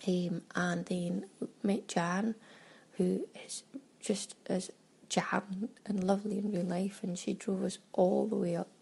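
On a low-quality recording, a Scottish woman records a casual travel diary in a warm, slightly rough, creaky voice of medium pitch. Her tone stays level and her pace measured while she laughs often, acts out little exchanges and slips into quoted exclamations.

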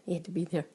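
This Scottish audio diarist has a lowish, darkish voice with a breathy edge, captured on poor audio. She chats casually through her travel diary, laughing often and acting out little exchanges full of quoted exclamations.

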